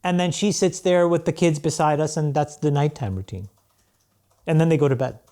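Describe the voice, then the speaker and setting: A man talking as a guest on a podcast, telling stories in a relaxed way, with restarts and laughs. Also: a little high, a little fast. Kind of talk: casual interview chat.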